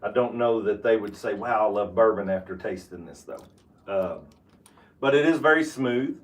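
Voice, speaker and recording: Guy reviewing bourbon at home, kinda halting, echoey room, sounds far from the mic. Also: on the low side. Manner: halting, full of restarts and fillers. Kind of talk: casual tasting review.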